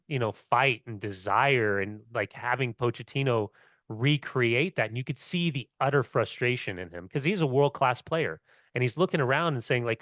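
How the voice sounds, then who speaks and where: Man, middle-aged, former player, podcast co-host, rambling storyteller, mid-pitched, dry recording. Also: fairly bright tone, dry recording. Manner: rambling, storytelling, heavy on "like" and swearing. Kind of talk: casual sports chat.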